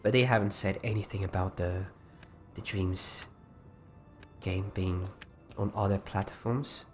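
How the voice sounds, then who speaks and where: A man's voice: low voice, steady tone, a little slow, faint music behind. A man hosting a casual livestream, chatting loosely with frequent restarts while walking viewers through his creation. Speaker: livestream host.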